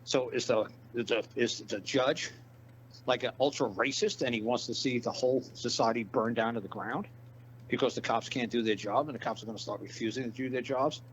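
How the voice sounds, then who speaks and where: A man spins a long, rambling tale in a casual interview and acts out the people in it with heated, profane bursts. His voice sits at an ordinary pitch. The audio is dull and muffled, with a faint hum behind him. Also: fairly even intonation, a little fast. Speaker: guest. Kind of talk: casual storytelling.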